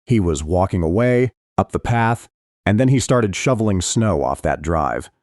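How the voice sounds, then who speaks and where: Deep-voiced expressive male audiobook narrator. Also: normal speed, no echo, studio quality. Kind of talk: scripted first-person thriller narration.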